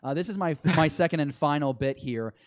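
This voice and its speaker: A man co-hosting a podcast, chatting excitedly and rambling as an eager fan. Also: on the high side, fairly quick, dry recording. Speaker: podcast co-host. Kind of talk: casual chat.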